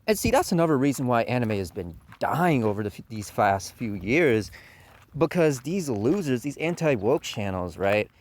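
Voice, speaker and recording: A man's voice: medium pitch, big pitch swings, normal speed. Guy ranting hard on his channel, cussing a lot, voice swings way up and down. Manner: profane, heated rant with mocking mimicry. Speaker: commentary channel host. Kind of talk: ranting commentary monologue.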